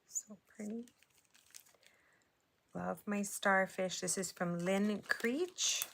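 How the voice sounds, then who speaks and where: A woman casually chatting through a show-and-tell of handmade cards, unhurried and admiring. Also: medium pitch, vocal fry, slight background noise. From Hawaii. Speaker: papercraft vlogger.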